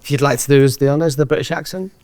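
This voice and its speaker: A co-host reading out mock-official statements in a brisk way during a comedic interview bit. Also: medium pitch, fairly even intonation, a little mellow, no room sound.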